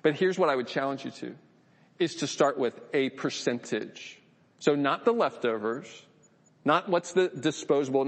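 A man's voice: mid-range voice, big-room sound. A man giving a conversational, earnest sermon, often repeating words as he thinks aloud. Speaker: pastor.

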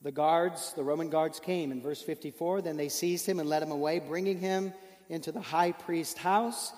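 A man's voice: on the high side, fairly even intonation, normal speed, darkish tone, big-room sound. A man preaching a sermon, telling a story earnestly and building with emotion through rhetorical questions.

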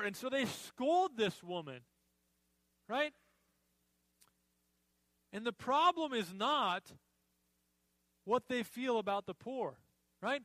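A man preaches with a high, bright, ringing voice. He talks to the congregation in a loose, conversational way and slips into animated voices to act out the people he describes. The sound is close and dry, with no room echo. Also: measured pace, long pauses. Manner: conversational preaching, acts out crowd reactions. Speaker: pastor. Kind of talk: sermon.

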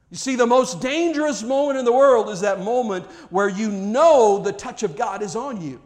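A man's voice: high-pitched, moderate pace, a little mellow. A man preaching a sermon as pastor of his church, earnest and emphatic, often restarting words as he builds to a point.

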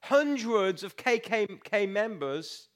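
A middle-aged man, a pastor preaching a sermon in an animated, storytelling way. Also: high voice, takes it slowly.

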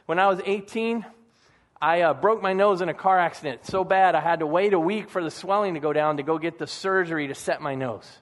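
A man with a fairly high voice preaches to his congregation in a relaxed, conversational way. He tells personal stories and acts out the people in them. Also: fairly quick. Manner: conversational, animated storytelling with acted-out quotes. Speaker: pastor. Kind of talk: sermon.

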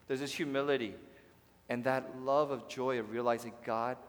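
A pastor preaching a sermon to his congregation, swinging from hushed to loud and addressing the listeners directly. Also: mid-range voice, steady tone, normal speed. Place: church sanctuary. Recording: long reverb of a large hall.

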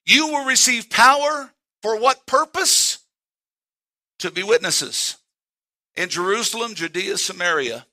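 A male pastor, preaching a sermon in church and quoting scripture with slow, emphatic stresses. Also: high voice, animated, bright, forceful tone.

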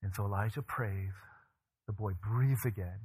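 A man's voice: on the low side, moderate pace, slightly rough. A man preaching a sermon, telling a personal story with animation and acting out the people he quotes. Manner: animated storyteller who acts out quoted voices. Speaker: pastor.

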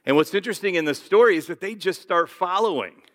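A man's voice: sits high, expressive, quick pace, a bit bright. Man preaching in a reverberant church. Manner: casual, joking asides with fillers. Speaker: pastor. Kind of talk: sermon. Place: church sanctuary.

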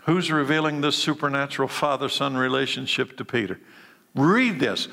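A man preaching a sermon, swinging from hushed, slow lines to emphatic, rising ones and repeating his key points. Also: medium pitch, lively intonation, vocal fry. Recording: long hall reverb.

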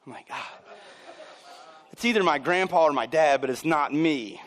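A man's voice: fairly high pitch, fairly quick, fairly bright tone. Joking man preaching a sermon. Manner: conversational and joking, acts out voices of people he quotes. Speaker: pastor. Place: church.

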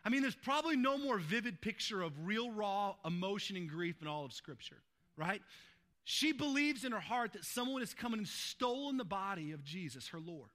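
A man's voice: high-pitched, lively intonation, moderate pace, fairly bright tone. A man pastor preaching a sermon, retelling a scripture passage in a conversational way and often adding "right?" to check in with listeners.

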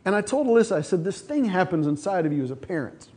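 Middle-aged preacher guy, pretty high voice, animated storytelling sermon. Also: fast talker, husky. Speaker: pastor.

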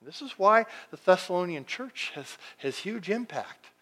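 A man preaching a sermon as pastor, reading scripture slowly and swinging from loud emphatic lines to hushed ones. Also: high voice, expressive, slightly rough.

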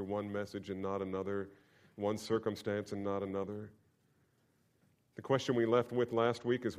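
A man preaching a sermon to his congregation, swinging between loud emphatic bursts and hushed near-whispers and leading them in call-and-response. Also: lowish voice. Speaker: pastor. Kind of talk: expository sermon.

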